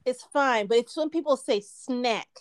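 High-voiced woman in playful chat. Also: moderate pace, dry recording. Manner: laughs often, playful teasing. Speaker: podcast co-host. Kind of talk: casual chat.

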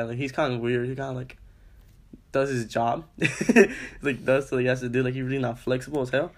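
A man's voice: medium pitch, fairly even intonation, fairly quick. A young man co-hosting a casual podcast, telling a story with lots of swearing and "I was like" quotes. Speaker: podcast co-host.

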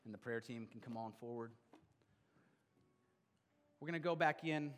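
A middle-aged male pastor delivering a sermon, swinging between loud emphatic bursts and quiet, intimate stretches. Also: medium pitch, moderate pace, slight background noise. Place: church sanctuary. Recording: long hall reverb.

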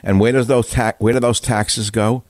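A man's voice: on the low side, level tone, moderate pace, a little mellow, dry recording, studio quality. An older man hosting political talk radio, ranting angrily about taxes and politicians. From United States. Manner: angry ranting. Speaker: radio host.

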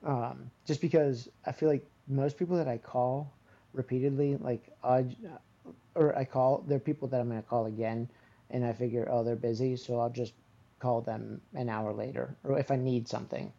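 Man, deep mellow tone, matter-of-fact, casual chat, muffled recording. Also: fairly even intonation, moderate pace, gravelly.

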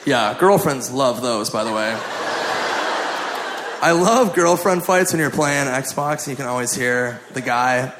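A man's voice: mid-range voice, expressive, unhurried. Rambling, profane male stand-up comedian. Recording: roomy live club recording with crowd laughter and noise.

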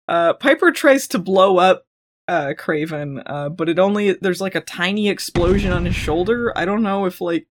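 A podcast co-host recapping a TV episode in casual chat, sarcastic and quick to laugh. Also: mid-range voice, slight background noise. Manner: animated, sarcastic, laughs often.

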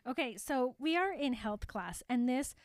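A woman's voice: high voice, lively intonation, unhurried, dry recording, clean studio sound. A woman co-hosting a casual chat, retelling a movie in a bubbly, giggly way and acting out the characters' lines.

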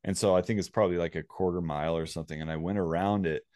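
A man's voice: low-pitched, steady tone, rapid-fire, darkish tone, no echo, clean studio sound. A man casually telling a personal story, rambling and swearing freely.

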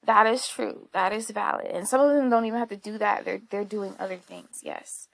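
A woman's voice: medium pitch, moderate pace, gravelly, fairly bright tone, no room sound. A woman hosting a casual solo podcast, talking candidly and rambling, often laughing and swearing along the way. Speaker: podcast host.

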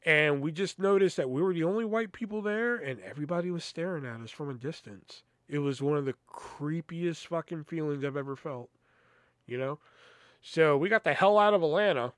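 A young man with a slightly high voice tells a rambling string of bad-luck stories. His delivery is loose, profane and exasperated. The sound is dry and close, with no room around it. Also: animated, a little fast, fairly bright tone, no room sound. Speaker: podcast host. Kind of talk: casual storytelling.

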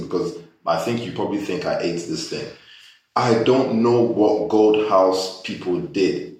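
Deep-voiced guy chatting and joking around, sounds incredulous, mic far away. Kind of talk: casual chat and storytelling. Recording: echoey room, mic far off.

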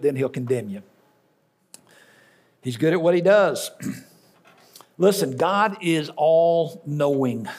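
Husky-voiced male pastor preaching. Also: on the high side, darkish tone. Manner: folksy storytelling preacher with repetitions for emphasis. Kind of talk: sermon.

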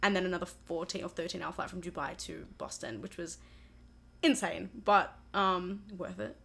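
Bright-voiced young Australian woman. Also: lowish voice, very animated, moderate pace, creaky. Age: young adult. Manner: chatty, lots of fillers and laughs. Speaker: guest. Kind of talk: casual chat.

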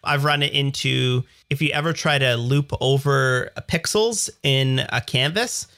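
A man's voice: medium pitch, a little slow, sharp tone, clear, resonant tone, dry recording, clean studio sound. A Canadian man in his thirties co-hosting a podcast, explaining things in an upbeat, jokey way with lots of examples. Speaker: podcast co-host. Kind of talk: casual tech chat.

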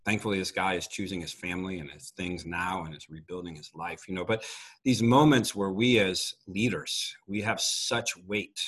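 A middle-aged man telling personal faith stories earnestly, with soft laughs, as a Christian speaker. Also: low-pitched, fairly even intonation, normal speed, husky. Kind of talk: conversational testimony.

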